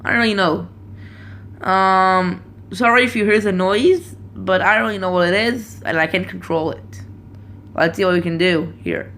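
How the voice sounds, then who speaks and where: Gaming lady yelling at her match, bright sharp voice, talks kinda slow. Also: medium pitch, slight background noise. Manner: excitable, shouting at the game. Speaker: gaming channel host. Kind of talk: live gameplay commentary.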